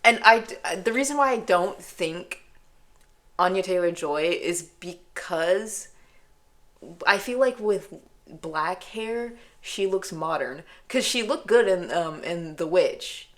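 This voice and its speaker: A woman co-hosting a podcast in casual, animated chat, swearing freely. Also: lowish voice, slow pace. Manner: swearing, animated, laughing often. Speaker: podcast co-host.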